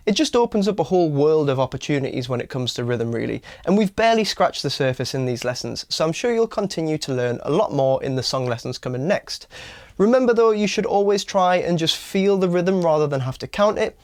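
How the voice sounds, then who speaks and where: Man teaching guitar, higher voice. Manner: clear step-by-step explaining, counts beats aloud slowly. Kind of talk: online guitar lesson. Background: acoustic guitar strumming.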